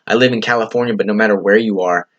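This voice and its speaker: Earnest rambling low-voiced male podcaster. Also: steady tone, quick pace, fairly bright tone, muffled recording, slight background noise. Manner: earnest, rambling, heavy on "you know" fillers and swearing. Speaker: podcast host. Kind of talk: casual motivational monologue. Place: lives in California.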